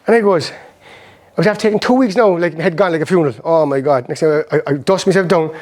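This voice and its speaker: Middle-aged Irish man, high-voiced, fast, animated storyteller at a motivational seminar. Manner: rapid, animated storytelling that acts out past conversations. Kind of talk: motivational seminar talk with personal stories.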